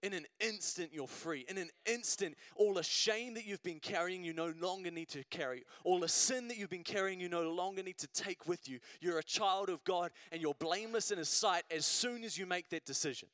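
A male preacher delivers a sermon in a relaxed, conversational way and keeps asking the congregation "right?". His voice sits a little high, and the sound is dry and close. He builds to emphatic repeated phrases. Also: a little fast, hardly any pauses, dry recording. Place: church service.

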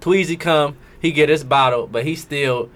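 A man's voice: a little high, normal speed, a bit bright. Laid-back man telling a slangy story. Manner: laid-back slangy storytelling, slips into voices when quoting people. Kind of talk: casual storytelling.

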